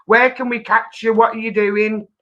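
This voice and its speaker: Brief: female host, bright, sharp tone, playful teasing chat. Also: fairly high pitch, normal speed, lo-fi sound. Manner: lively, laughing, teasing. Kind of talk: casual chat show interview.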